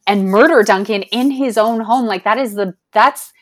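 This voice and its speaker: A woman's voice: medium pitch, moderate pace, no room sound. Woman, podcast co-host, casual chat, questioning, thinking aloud, dry sound. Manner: questioning, working through ideas aloud.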